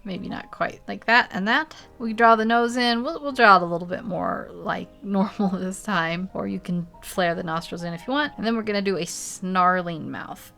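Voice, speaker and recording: A woman's voice: fairly low pitch, a bit bright. A woman hosting a casual drawing tutorial, explaining step by step and laughing often as she talks. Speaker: art tutorial host.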